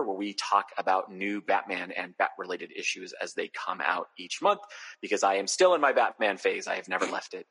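A man's voice: fairly low pitch, gravelly, breathy edge. A man from Southern New Jersey, a podcast guest who tells stories casually and laughs easily. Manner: laughing storyteller, relaxed. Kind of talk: casual chat.

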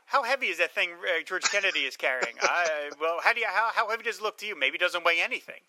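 Brief: male co-host, bright tense tone, talks films loosely and acts out scenes. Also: sits high, no room sound. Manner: rambling, animated, acts out film scenes in quick voices. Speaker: podcast co-host. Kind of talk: casual film discussion.

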